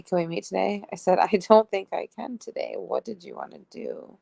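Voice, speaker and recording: A woman's voice: on the low side, animated, brisk, vocal fry, warm tone, dry recording. A young woman streamer casually reading out both sides of a text chat, giggling often. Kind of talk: casual live-stream storytelling.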